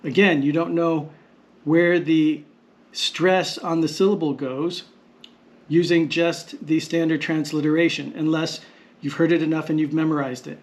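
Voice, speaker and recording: A man teaching vocabulary in a patient, explanatory lesson, repeating words slowly and deliberately. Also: on the high side. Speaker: language teacher. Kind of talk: slow explanatory lesson narration.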